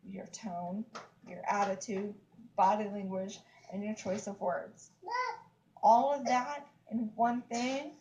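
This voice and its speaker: A woman's voice: medium pitch, takes it slowly, dark tone, rough recording. A woman, venting in a casual vlog, emphatic and repetitive, with lots of "like, seriously.". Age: 30s. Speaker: vlogger. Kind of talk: upset casual rant to camera.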